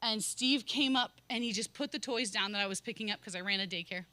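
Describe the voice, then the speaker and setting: A woman's voice: mid-range voice, fast, bright, forceful tone, no echo. A young woman telling a personal testimony at a church service, emotional and laughing often as she acts out her own words. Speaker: church member giving a testimony.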